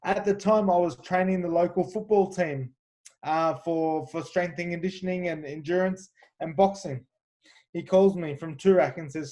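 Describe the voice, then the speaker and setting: An Australian kickboxer with a high, warm voice tells fight stories at a normal pace in an animated interview. He sounds confident and chatty, full of fillers and restarts.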